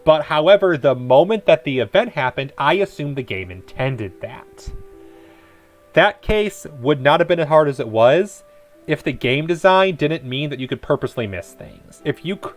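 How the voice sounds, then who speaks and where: A man's voice: fairly high pitch, lively intonation, normal speed, faint music behind. A man hosting a let's play, rambling in casual gameplay commentary and cutting himself off mid-thought. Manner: rambling, self-interrupting.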